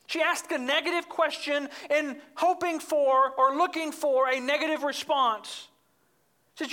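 A woman preaching an expository sermon in an emphatic way, getting higher and louder as she stresses her points. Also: steady tone, normal speed. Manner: emphatic, rises in pitch and volume when stressing points.

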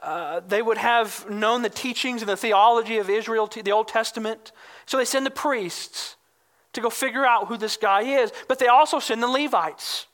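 Pastor giving a sermon, bright voice, emphatic, explains verses as he goes. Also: medium pitch, moderate pace. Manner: emphatic, explanatory, reads scripture aloud.

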